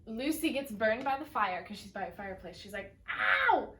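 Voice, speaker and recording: A woman's voice: medium pitch, lively intonation, brisk. A young woman co-hosting a casual chat, recapping a sitcom episode and acting out the characters' lines in put-on voices. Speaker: podcast co-host. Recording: echoey room, distant from the mic, faint noise.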